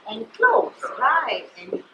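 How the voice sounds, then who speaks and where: Her fairly high voice swoops wildly in pitch, and she speaks slowly on a lo-fi, very noisy recording. She is a middle-aged chef with a Malaysian accent teaching a cooking class live in an echoey hotel kitchen. She keeps it chatty and explanatory, often asking "you know" or "all right" to check in.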